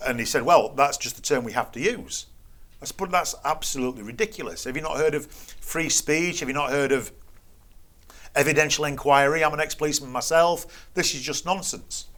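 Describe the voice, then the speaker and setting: A man's voice: fairly high pitch, fairly quick, fairly bright tone. Wry man retelling a run-in. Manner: acts out quoted exchanges in an incredulous, wry tone. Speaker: guest. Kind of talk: anecdotal storytelling in conversation.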